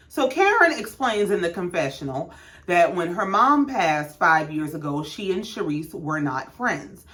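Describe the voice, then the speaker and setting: A woman's voice: fairly low pitch, very animated, measured pace, a bit bright. A woman giving a sassy, casual recap of a reality show, acting out the quotes in raised voices. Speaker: recap host.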